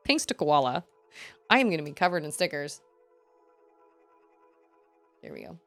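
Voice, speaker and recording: A woman's voice: medium pitch, big pitch swings, moderate pace, pauses often, fairly bright tone, faint music behind. A young adult woman streaming at home, chatting and rambling while reacting aloud to a game and her chat. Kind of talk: live-streamed gameplay chat.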